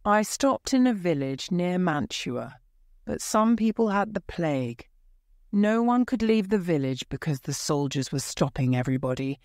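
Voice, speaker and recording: Lady doing sorry friar in a story, calm explaining, dry close mic. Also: lowish voice, moderate pace, no room sound, close to an everyday voice. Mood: apologetic. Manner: explaining, apologetic. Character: apologetic male friar, travel-weary.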